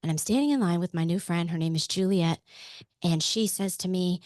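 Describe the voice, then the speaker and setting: A woman in her thirties from Pennsylvania, a podcast guest telling personal stories in an animated, candid way. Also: on the low side, a little fast, dry recording, studio quality. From Pennsylvania, USA. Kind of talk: casual interview storytelling.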